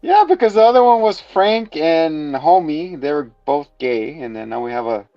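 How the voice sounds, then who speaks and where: A man's voice: fairly high pitch, sing-song, normal speed, no room sound, faint music behind. Joking male podcast host, lo-fi sound. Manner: joking, rambling, playful. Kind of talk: casual comedic review chat.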